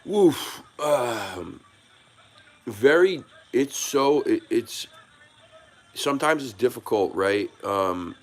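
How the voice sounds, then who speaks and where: A man's voice: mid-range voice, expressive, drawn-out words. A man hosting a casual live stream, thanking viewers by name and talking earnestly in a rambling way with many restarts, moved by the support. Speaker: YouTube live stream host.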